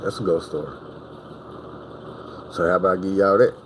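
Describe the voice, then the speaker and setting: A man tells a story in a loose, profane, meandering way. His voice sits on the low side. A faint noise hums behind him. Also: steady tone, low-quality recording. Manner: profane, rambling, drawn-out. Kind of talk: casual storytelling.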